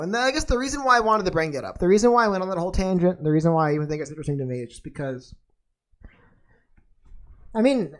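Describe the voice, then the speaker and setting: This podcast host's voice sits on the low side with a darkish tone. Her casual chat wanders into tangents, full of slang, fillers and restarts, and she keeps addressing listeners as dude and man in her relaxed style.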